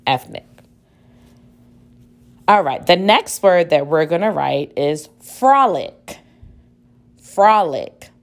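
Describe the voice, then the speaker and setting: A woman teacher giving a spelling dictation lesson, speaking deliberately, repeating each word and spelling it out letter by letter. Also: lowish voice, lively intonation.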